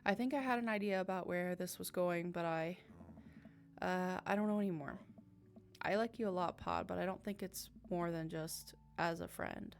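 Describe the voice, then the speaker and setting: A woman reading a hesitant gentle man. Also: fairly low pitch, creaky. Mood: awkward. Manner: hesitant, halting.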